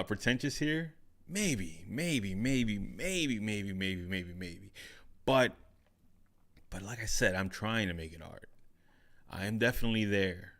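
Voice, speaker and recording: A man hosting his own podcast, talking it through in a relaxed solo chat from his home studio and often repeating himself with a questioning "right?". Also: low-pitched. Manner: reflective, repeats phrases, frequent "right?". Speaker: podcast host. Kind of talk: solo casual talk. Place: home studio with curtains behind. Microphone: studio microphone on overhead stand.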